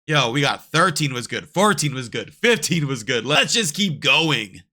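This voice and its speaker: A man hosting a casual manga reaction, reading aloud, who gets excited and swears freely. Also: medium pitch, normal speed, few pauses. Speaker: reaction host.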